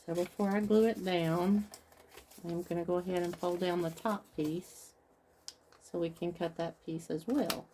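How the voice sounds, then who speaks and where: A woman's voice: on the low side, steady tone, a little slow, mellow, slight background noise. A woman craft vlogger chatting casually with viewers as she talks through each step of her project. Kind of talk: casual craft tutorial chat.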